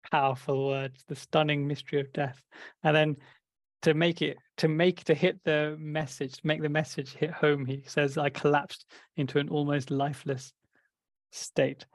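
A man's voice: on the high side, no room sound. A man leading a casual group discussion, often restarting his phrases as he goes. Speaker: discussion leader.

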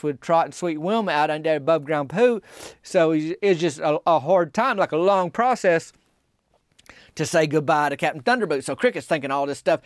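A man telling a rambling, folksy small-town story, raising his pitch to quote the people in it. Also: dry recording, clean studio sound. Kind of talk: folksy comic storytelling monologue.

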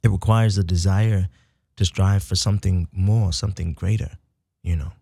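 A low, gravelly male voice tells animated personal stories. He comes from Chicago's south side and swings between hushed, intimate moments and loud bursts, with the odd "y'all" and "baby." The sound is close and dry. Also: normal speed, dry recording. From United States (south side of Chicago). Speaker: interview guest, military veteran. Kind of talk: casual storytelling conversation.

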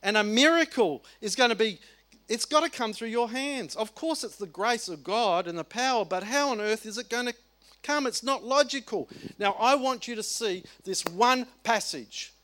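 Man, Australian accent, middle-aged, high-pitched, preaching, animated, emphatic, rhetorical. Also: moderate pace. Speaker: pastor. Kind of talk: sermon.

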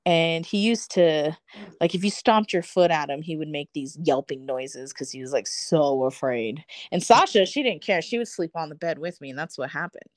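A woman's voice: low voice, normal speed, no echo, studio quality. A woman in casual conversation, telling a personal story with frequent laughs and free swearing. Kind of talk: casual chat.

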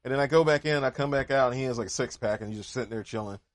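A man's voice: medium pitch, racing, no room sound. A man who is a musician, telling stories in a laid-back, jokey casual chat. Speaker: musician, podcast co-host.

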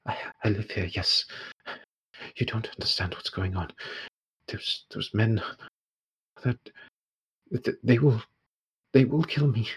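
A man voicing a terrified half-elf woman who speaks in a hushed, halting, stammering way. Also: fairly low pitch, slight background noise. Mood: frightened, hushed.

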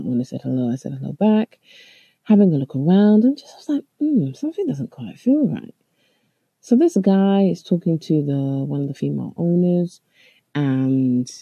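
A speaker, earnestly telling a personal story in a halting way with frequent restarts. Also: medium pitch, mellow, slightly rough, dry recording, dull audio. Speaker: storyteller recounting a personal experience. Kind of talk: first-person spoken account.

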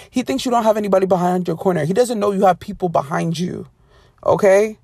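A woman casually retelling a personal story to her viewers, rambling and animated with frequent self-corrections. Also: lowish voice, fast talker, creaky, slightly rough, dry recording.

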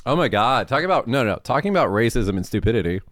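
A man's voice: mid-range voice, big pitch swings, quick pace, a bit bright, no room sound, studio quality. A man co-hosting a podcast in casual chat, blunt and rambling, swearing freely. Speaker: podcast co-host.

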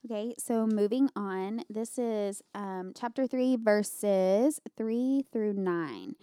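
A woman co-hosting a Bible study podcast, reading a scripture passage aloud in a measured, steady way. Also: mid-range voice, clear, resonant tone, no echo, studio quality. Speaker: podcast co-host.

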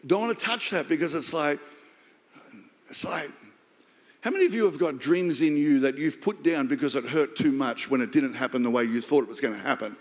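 Joking Australian pastor in a big hall. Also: male voice, fairly high pitch, brisk. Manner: jokey, animated, acts out voices. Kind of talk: sermon. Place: large church hall. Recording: long hall reverb.

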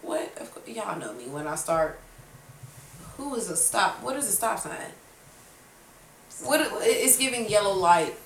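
Speaking at a measured pace with a medium-pitched, sing-song, creaky voice and long pauses, this podcast host in her twenties animatedly recounts a story full of swearing and acted-out outbursts. She sits at a kitchen table, recorded from far off the mic with a roomy sound and faint noise.

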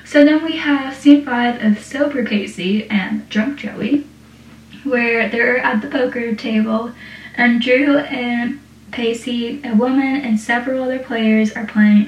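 A woman's voice: on the high side, measured pace. A young adult woman casually recapping a TV episode, chatty and giggly as she reads scene dialogue aloud. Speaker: podcast host recapping a TV episode. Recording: roomy sound, distant mic.

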